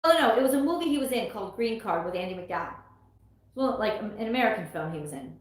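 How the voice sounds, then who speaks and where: A woman's voice: on the high side, lively intonation, fast talker. A woman from the US East Coast giving a casual live tarot reading, chatty, laughing often and exclaiming as the cards come up. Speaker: tarot reader on a livestream. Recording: very echoey room.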